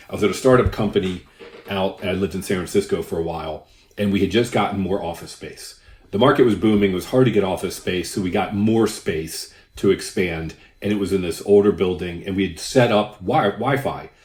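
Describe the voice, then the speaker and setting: An older man who hosts a crypto channel, explaining market figures in a casual, conversational way with rambling asides. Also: deep voice. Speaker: crypto YouTuber. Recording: roomy echo.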